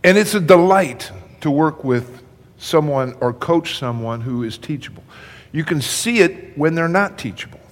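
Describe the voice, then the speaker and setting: A man's voice: fairly high pitch, expressive, moderate pace, big-room sound. An older man preaching a sermon, talking conversationally and addressing his congregation directly. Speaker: pastor.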